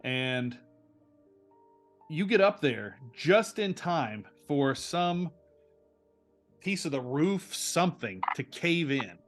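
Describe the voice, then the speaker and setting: Soft music plays behind this game master of a tabletop role-play game, whose voice runs high and slow with long pauses. He narrates the scene animatedly but keeps starting lines over.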